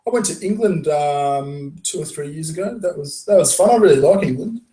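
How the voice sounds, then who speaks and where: Aussie bloke, bit high voice, blunt and sweary, echoey room. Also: male voice, animated, brisk, dark tone. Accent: Australian. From Australia. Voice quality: sweary, blunt, laughs often. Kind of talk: casual chat.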